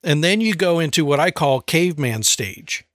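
A man in his forties, a parent of four, telling parenting stories in a relaxed way, often restarting and slowing down. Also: fairly high pitch, dry recording, clean studio sound. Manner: relaxed storytelling, frequent restarts and slower stretches. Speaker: parent sharing advice. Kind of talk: casual talk on parenting.

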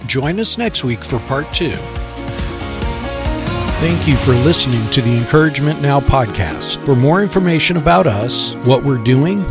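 A man with a gravelly voice reads a scripted podcast outro at a calm, even pace. Guitar music plays clearly behind him. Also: mid-range voice, moderate pace. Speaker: podcast announcer.

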